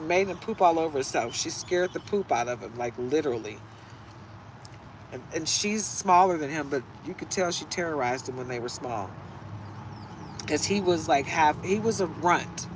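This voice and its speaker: A woman's voice: lowish voice, a little hiss or hum. A woman giving a casual, chatty tarot reading, full of rambling asides and laughter. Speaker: tarot reader. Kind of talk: casual live reading chat.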